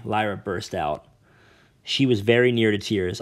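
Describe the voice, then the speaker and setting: A man's voice: on the low side, unhurried. A man narrating a novel aloud in a plain reading style, with some stumbles over words. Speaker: audiobook reader. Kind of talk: amateur audiobook narration.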